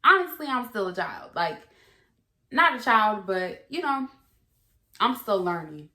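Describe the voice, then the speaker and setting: A woman's voice: medium pitch, big pitch swings, unhurried, pushed and bright. A young woman telling a story from her own life in a casual, candid way, swearing freely and rambling with fillers. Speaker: vlogger. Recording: echoey room.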